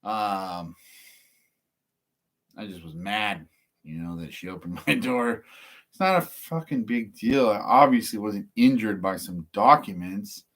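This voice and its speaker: A man's voice: on the low side, a little slow, fairly bright tone. A man from California, rambling through a casual story to the camera, swearing often and laughing at himself. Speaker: process server vlogger.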